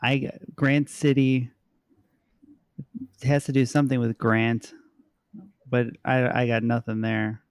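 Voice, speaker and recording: Gravelly man musing over answers. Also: medium pitch, little pitch movement, slow pace, pauses often, no echo, clean studio sound. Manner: musing aloud, trailing off. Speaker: regular contestant. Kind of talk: casual chat.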